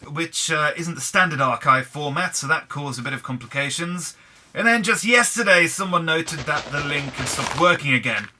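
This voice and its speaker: English guy chatting wryly over his minecraft game, very bright and a bit high. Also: expressive, moderate pace. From England. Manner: chatty, wry and self-deprecating. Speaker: gaming channel host. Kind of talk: casual Minecraft commentary.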